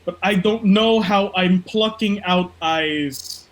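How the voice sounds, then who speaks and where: A man's voice: sits high, slow pace, low-quality recording. A man co-hosting a casual wrestling podcast from the Philippines, ranting with lots of swearing and mocking impressions. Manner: profane, ranting, mock-impressions. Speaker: podcast co-host.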